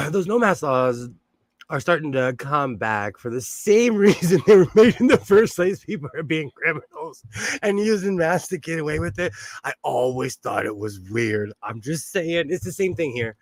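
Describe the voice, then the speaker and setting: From his home sewing room, a man hosts a livestream, chatting casually while he sews, rambling loosely and often laughing. His animated voice is a little on the high side at normal speed, with close, dry sound and hardly any room echo.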